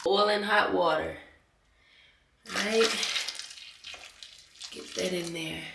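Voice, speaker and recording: A woman's voice: fairly low pitch, fairly even intonation, drawn-out words, vocal fry, roomy sound, background noise. A woman, talking to camera in a casual vlog, chatty and blunt, swearing freely. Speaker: vlogger.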